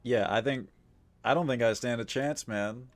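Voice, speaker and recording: A man livestreams, chatting casually and ramblingly with viewers, full of fillers, frequent swearing, and easy laughs. He speaks at normal speed with a medium pitch, over soft background music.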